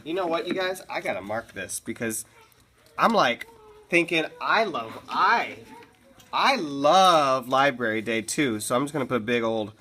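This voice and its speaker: A woman's voice: extremely low pitch, animated, measured pace, a bit bright, slightly rough. A woman teacher reading a picture book aloud to her class in a classroom, with chatty asides and easy laughs.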